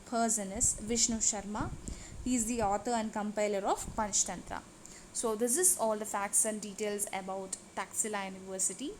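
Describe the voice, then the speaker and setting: A woman teaching a lesson over slides, reading long lists in a steady, even delivery. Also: on the high side, slight background noise, poor audio.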